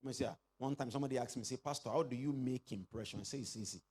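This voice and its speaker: A middle-aged pastor with a husky, mid-range voice preaches a sermon at a rapid-fire pace. He leads the congregation in call-and-response and builds up to shouted exclamations.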